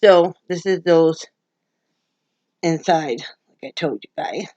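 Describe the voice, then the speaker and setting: A woman's voice: lowish voice, slow, warm tone, dry recording, dull audio. A woman from Wyoming chatting at home for her vlog, rambling and restarting her sentences. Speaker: vlogger. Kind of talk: casual home chat. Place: at home, indoors.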